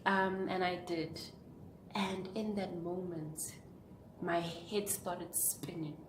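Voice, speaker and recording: A woman's voice: fairly even intonation, slow pace. A young woman vlogger giving an earnest, preachy motivational talk to camera, asking her viewers question after question. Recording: echoey room with faint rumble.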